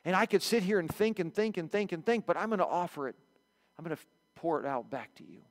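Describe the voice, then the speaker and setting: Male pastor, storytelling preacher, high voice, reverberant sanctuary. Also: fast talker. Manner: animated storytelling, acts out quotes. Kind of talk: sermon. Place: church sanctuary.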